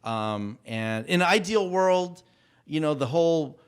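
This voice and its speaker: A man of Mexican heritage, a guest on a casual podcast interview, telling stories in a halting way with many restarts. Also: on the high side, lively intonation, smooth. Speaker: guest, cultural consultant for an animated show.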